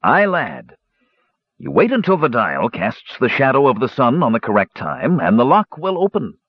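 A gruff, irritable dwarf who growls and snaps at his companions, put on by a male storybook narrator. The voice is husky and pushed above the reader's own register, with big swings in pitch. Recorded close, dry and slightly dull. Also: wildly swooping pitch, normal speed, no echo, full character voice. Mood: knowing.

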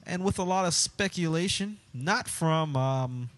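A man's voice: fairly high pitch, animated, unhurried, a bit bright. A man co-hosting a casual sports talk show, upbeat and laughing often as he moves between segments. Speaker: podcast co-host.

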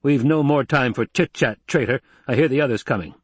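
A man's voice: medium pitch, a little fast, slightly rough, no echo, voice pushed up, natural voice. A man doing a sneering Sardaukar officer. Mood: curt, commanding. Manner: sneering, curt. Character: brutal, poised male Sardaukar officer. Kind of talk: audiobook narration.

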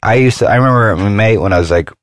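A man's voice: fairly low pitch, rapid-fire, dry recording, studio quality. A man co-hosting a podcast, rambling with fillers and laughing often. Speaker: podcast co-host. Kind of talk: casual chat.

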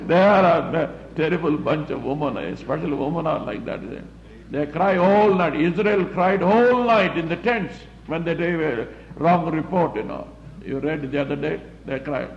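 Man preaching a sermon, echoey room. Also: on the high side. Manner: plain-spoken, repetitive, halting with fillers. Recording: roomy, muffled recording with faint background hum.

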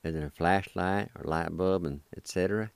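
A very deep, unhurried male voice, smooth and resonant. He drills words syllable by syllable with patient repetition. The recording is dry and close. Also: no echo. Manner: patient, repeats syllables, apologetic corrections. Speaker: language teacher. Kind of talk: slow spelling and pronunciation drill.

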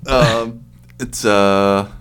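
A man's voice: fairly low pitch, extremely slow, clear, resonant tone, soft background music. A man co-hosting a casual podcast, chatty and joking, reading out news between jokes. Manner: relaxed, joking, puts on silly accents. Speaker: podcast co-host. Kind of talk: casual chat.

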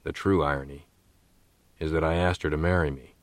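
A man voicing a subdued male banker who speaks quietly and ruefully. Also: very deep voice, fairly even intonation, brisk, no echo, voice pushed down.

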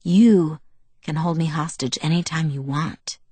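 A woman's voice: low-pitched, a little slow, warm tone, slightly rough, dry recording. A woman reading the lines of an earnest, anxious teenage girl in an eager, questioning way. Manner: eager, questioning, slightly raised. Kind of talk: audiobook dialogue reading.

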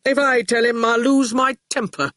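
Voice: medium pitch, steady tone, normal speed, fairly bright tone, dry recording, clean studio sound, pitched above the performer's own voice, lightly acted. Reader doing a politely stubborn middle-aged father. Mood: polite firm. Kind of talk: audiobook character voice.

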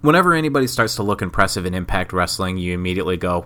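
A man's voice: low voice, lively intonation, rapid-fire, pushed and bright. A man in his thirties from Wisconsin, sick, hosting a casual solo podcast with rambling, self-mocking jokes. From Wisconsin, USA. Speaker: podcast host.

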